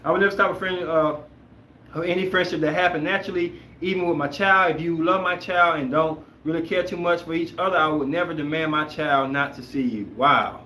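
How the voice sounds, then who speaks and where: Male podcast host, casual and emphatic, bright tone, echoey room with faint room noise. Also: fairly high pitch, fairly quick. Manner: animated, emphatic, rambling. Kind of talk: casual chat reacting to viewer comments.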